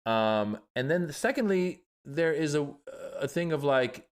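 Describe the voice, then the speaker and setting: A man's voice: on the high side, lively intonation, a little slow, clean tone. A middle-aged man, a comedian from Iran, talking through ideas in a podcast interview, acting out the voices of the people he quotes. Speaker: comedian guest.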